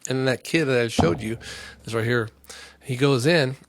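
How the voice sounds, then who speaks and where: A man's voice: medium pitch, normal speed, vocal fry, no echo. A man hosting a comedy podcast, telling a long story in a heated, indignant, rambling way with many restarts. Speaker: podcast host. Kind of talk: casual storytelling rant.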